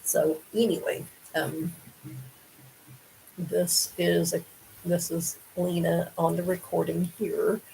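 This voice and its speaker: A woman talks through a true-crime case in a level, monotone delivery, her voice carrying a gravelly fry. She reads from reports and pokes holes in the story aloud, stopping often for conversational asides. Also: lowish voice, slow, long pauses, a little hiss or hum, low-quality recording. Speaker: true-crime show host. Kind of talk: casual true-crime commentary reading from articles.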